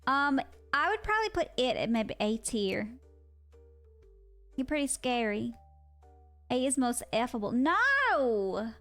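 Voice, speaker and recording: A young woman streaming live and chatting casually, excitable and quick to swear. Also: on the high side. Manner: excitable, swears freely, loud outbursts. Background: faint music.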